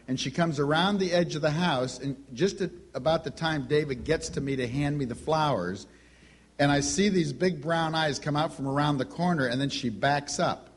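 A middle-aged man giving a teaching talk on Christian parenting, telling family stories and acting out the dialogue. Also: mid-range voice. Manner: storytelling, acts out family dialogue.

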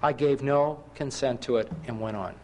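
A man's voice: mid-range voice, moderate pace, a little mellow, slight background noise. A middle-aged man preaching a sermon, telling personal stories with self-mocking humor and asking his listeners rhetorical questions.

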